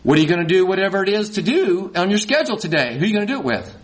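Animated man preaching. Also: very fast. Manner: animated, rising to high emphatic peaks; folksy, says y'all. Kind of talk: sermon.

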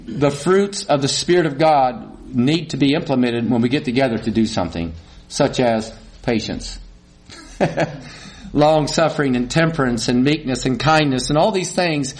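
A man's voice: medium pitch, lively intonation, unhurried. A middle-aged male pastor gives a conversational sermon, asks the congregation questions and acts out small quarrels.

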